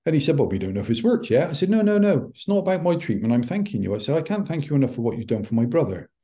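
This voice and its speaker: A middle-aged man, a podcast guest, telling a personal story in an animated way and acting out the dialogue. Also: medium pitch, rapid-fire. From United Kingdom. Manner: animated, acts out quoted dialogue. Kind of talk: anecdotal storytelling.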